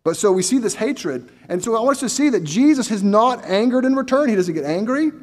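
A man's voice: sits high, expressive, fairly quick, long reverb tail. A male pastor preaching a sermon in a conversational way, full of rhetorical questions and restarts.

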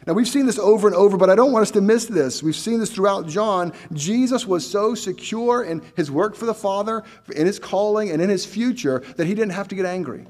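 A man's voice: high voice, brisk, hardly any pauses, a little mellow, long reverb tail. A male pastor preaching a sermon in a conversational way, full of rhetorical questions and restarts.

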